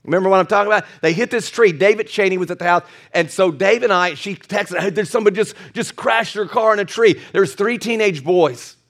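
A man's voice: sits high, brisk, few pauses, fairly bright tone. A middle-aged male pastor preaching a sermon, earnest and repetitive, building to emphatic peaks and chuckling at his own asides.

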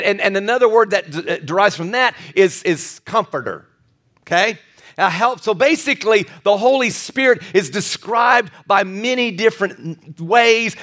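High-voiced man preaching a sermon. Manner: animated preaching, storytelling with bursts of shouting. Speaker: pastor.

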